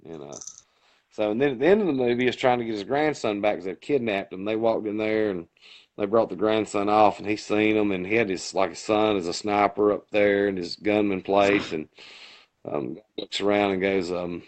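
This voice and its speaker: A man with a Boston accent, co-hosting a podcast, telling movie scenes in a casual, animated way. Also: on the low side, normal speed. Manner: animated storyteller acting out quotes. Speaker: podcast co-host. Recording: dull lo-fi sound.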